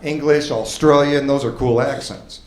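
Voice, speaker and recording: Wry stand-up comic in an echoey club. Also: male voice, medium pitch, moderate pace. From United States. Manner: wry, teasing, deadpan delivery. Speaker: stand-up comedian. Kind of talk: stand-up comedy with crowd work. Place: comedy club stage. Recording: echoey club with crowd laughter and noise.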